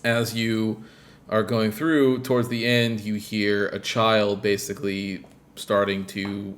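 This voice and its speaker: Low-voiced male podcast host, roomy echo. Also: little pitch movement, slow, a bit bright. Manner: rambling, lots of fillers and restarts. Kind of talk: casual chat, recapping a game.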